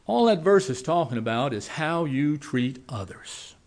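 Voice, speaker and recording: This sermon comes from an animated man with a fairly high pitch who tells a homespun story the folksy way. His lines range from loud and quick to quiet and slow.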